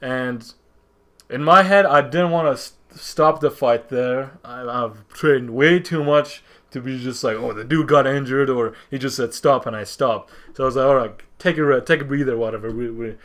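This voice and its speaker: An average-pitched man appears as a podcast guest, telling his story loosely and casually. He halts often, restarting and repeating words, and animatedly slips into the voices of the people he describes, acting out what they said.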